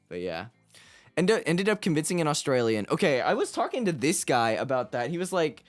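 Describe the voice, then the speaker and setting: A man's voice: on the high side, big pitch swings, brisk, faint music behind. A man streamer chatting casually with friends, laughing often, loose and joking. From United States. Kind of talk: casual chat on a group call.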